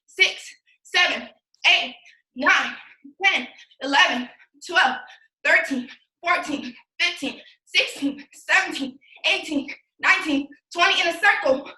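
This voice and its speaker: A woman leads a streamed workout, her high, very bright voice counting reps and urging everyone on. She sounds out of breath from working out alongside them. The sound is roomy, picked up from away from the mic. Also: far from the mic. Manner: energetic, counts reps aloud, cheers the viewers on. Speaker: fitness instructor. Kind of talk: live-streamed workout coaching.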